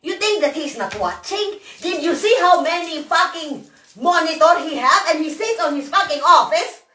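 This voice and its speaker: A hoarse woman vlogger, ranting in a profane, rambling, emphatic way. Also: very high voice, expressive, normal speed, bright, forceful tone, recorded from a distance. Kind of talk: emotional rant to camera. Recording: echoey room, voice off-mic.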